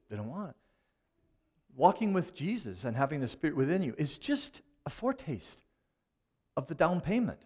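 A man preaching a sermon, animated, often dropping suddenly to a quiet voice for emphasis. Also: fairly high pitch. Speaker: pastor.

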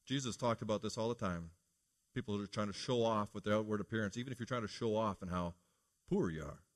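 A man's voice: fairly low pitch, fast talker. A man preaching a morning sermon as pastor, earnest and preacherly, putting rhetorical questions to his congregation.

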